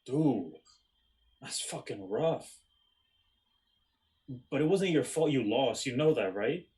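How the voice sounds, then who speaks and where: A man's voice: mid-range voice, animated, takes it slowly, a little mellow. An actor playing a brash young man, a former firefighter, who talks in a blunt and indignant way during a stage play reading.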